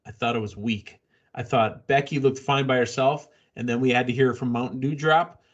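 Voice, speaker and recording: A man's voice: medium pitch, steady tone, normal speed, lo-fi sound. A man hosting a casual wrestling podcast, blunt and opinionated, rambling through his takes. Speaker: podcast host.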